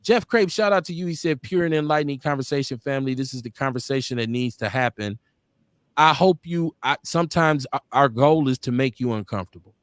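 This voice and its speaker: A middle-aged man hosting a casual live talk show, animated and swinging his pitch when he quotes people. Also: fairly quick, no echo. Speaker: radio show host.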